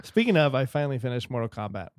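A man's voice: medium pitch, big pitch swings, very fast, no room sound, clean studio sound. A man in his thirties hosting a comedy podcast, telling stories and laughing often. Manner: laughs often, rambling and self-correcting. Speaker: podcast host. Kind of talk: casual comedy chat.

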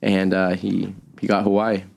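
A man's voice: low-pitched, completely flat delivery, normal speed, creaky, darkish tone. A man with a Boston accent hosting a radio show, rambling through crude, joking banter with a guest.

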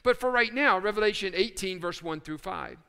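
High bright-voiced preacher in a hall. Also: male voice, brisk, vocal fry, clear, resonant tone. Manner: animated storytelling, switches voices for quoted characters. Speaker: pastor. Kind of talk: sermon. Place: church sanctuary.

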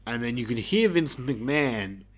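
Male podcast co-host, animated and sarcastic, swinging pitch, casual banter. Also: unhurried. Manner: animated, sarcastic, swears, laughs often. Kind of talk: casual wrestling review chat.

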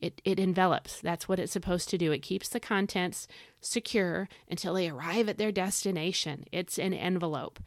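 A woman hosting a devotional podcast reads a psalm and teaches from it earnestly and conversationally, repeating key phrases and addressing the listener directly. Her lowish voice moves at a normal pace, recorded as clean studio sound without echo.

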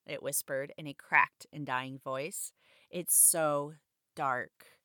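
A woman's voice: sits low, slow, sharp tone, dry recording, studio quality. A woman hosting a podcast, casually retelling a novel chapter with personal asides and reading passages aloud. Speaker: podcast host. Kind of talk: casual book recap with read-aloud passages.

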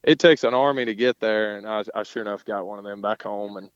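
A man's voice: fairly low pitch, quick pace, no room sound. Male guest, folksy drawl, dry close sound. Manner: folksy, drawling, lots of fillers and mild cursing. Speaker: podcast guest, rodeo cowboy. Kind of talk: casual storytelling. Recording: dull lo-fi sound.

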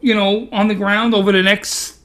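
A man in casual sports chat, animated and opinionated, joking as he argues his points. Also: sits high, normal speed. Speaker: podcast co-host.

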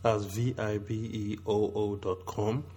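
A man's voice: on the low side, little pitch movement, a little slow, warm tone, slightly rough. A man with a sore throat hosting a podcast, talking in an upbeat, chatty way. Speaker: podcast host. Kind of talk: casual podcast talk.

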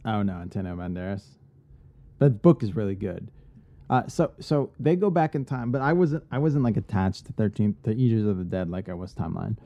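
Man ranting in a dark, dull recording. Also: fairly low pitch, fairly quick, no echo. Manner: animated, profane ranting. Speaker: podcast co-host. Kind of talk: casual chat.

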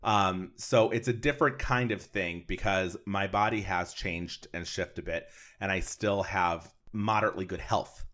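A man's voice: deep voice, moderate pace, hardly any pauses, a bit bright. A man hosting a casual conversation, talking in an earnest, reflective way that often repeats his words.

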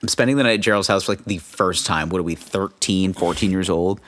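A young man co-hosting a podcast, telling a story in casual chat and breaking into high impressions and bursts of laughter. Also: a little fast, a bit bright. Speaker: podcast co-host.

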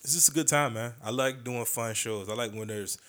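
Male podcast host and comedian, casual rambling chat, mid-pitched voice. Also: fairly quick, fairly bright tone, a little hiss or hum. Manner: rambling, hesitant, does brief voice impressions.

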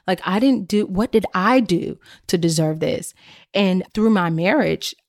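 Earnest woman podcast host, reflective faith talk, unhurried delivery. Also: mid-range voice, no room sound, studio quality. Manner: earnest, reflective, addresses listeners directly.

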